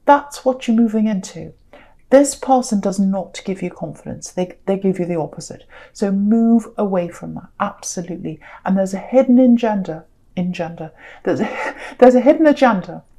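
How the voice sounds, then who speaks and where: Heated, mellow-voiced woman reading tarot. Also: mid-range voice. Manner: animated, heated, speaking directly to the viewer. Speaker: tarot reader.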